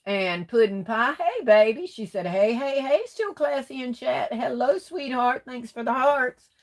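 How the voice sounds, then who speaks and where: A woman's voice: sits high, animated, a little slow. Friendly woman host reading chat aloud. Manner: affectionate, calls viewers sweetheart and baby; Southern-style speech with y'all. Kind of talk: casual live-stream chat.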